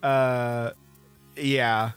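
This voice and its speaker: A man's voice: medium pitch, little pitch movement, extremely slow, fairly bright tone, smooth, soft background music. A man co-hosting a podcast, laid-back and rambling with casual swearing. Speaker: podcast co-host. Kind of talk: casual chat.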